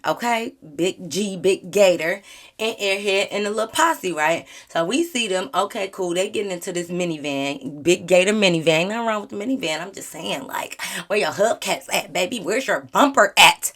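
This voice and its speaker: A woman YouTuber telling a storytime vlog with sass and lots of slang. Her retelling is animated and her voice sits at a medium pitch.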